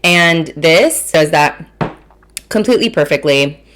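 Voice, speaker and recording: A woman in her 30s from Mission, Texas hosts a casual food and wine podcast, eating and tasting as she talks, chatty, self-mocking, and swearing freely. Her voice is deep, animated, and fairly bright, a little slow, with a little hiss or hum.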